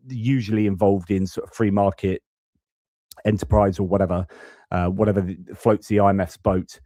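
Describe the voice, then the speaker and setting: A man's voice: fairly low pitch, mellow, no echo, studio quality. A man hosting a live-stream news commentary, talking casually and thinking aloud as he goes through footage and reports. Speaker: host.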